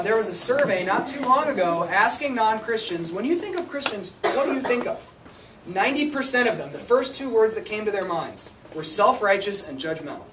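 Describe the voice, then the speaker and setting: A man's voice: sits high, a bit bright. A man giving a casual, conversational sermon, telling stories about himself with self-deprecating humor. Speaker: preacher. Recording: distant mic with noticeable room noise.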